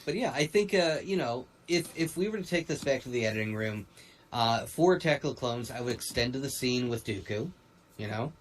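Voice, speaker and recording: A man's voice: mid-range voice, lively intonation, brisk, a little hiss or hum, rough recording. A man co-hosting a casual pop-culture discussion, rambling and restarting his sentences. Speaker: podcast co-host.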